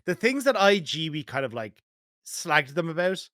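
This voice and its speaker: A man's voice: a little high, big pitch swings, normal speed, fairly bright tone, dry recording, studio quality. An Irish man co-hosting an esports panel, chatting casually with lots of "like" fillers and easy laughs. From Ireland. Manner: rambling, filler-heavy, laughs often. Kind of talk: casual analytic chat.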